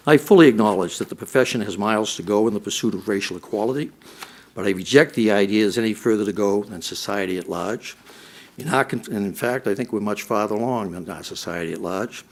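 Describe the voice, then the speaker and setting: A man's voice: lowish voice, a little fast, creaky. A middle-aged man, a former police chief, giving a prepared speech at a policy forum and repeating his points for emphasis.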